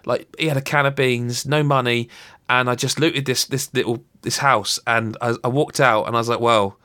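A man's voice: medium pitch, fairly even intonation, normal speed, sharp tone. Chatty man retelling game stories. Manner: rambling storytelling with many restarts and acted-out quotes. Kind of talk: casual chat about a video game.

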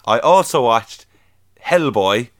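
A man's voice: mid-range voice, animated, takes it slowly. Chatty young man, laughing. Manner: chatty, laughing, swearing freely. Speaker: podcast co-host. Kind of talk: casual chat reviewing films.

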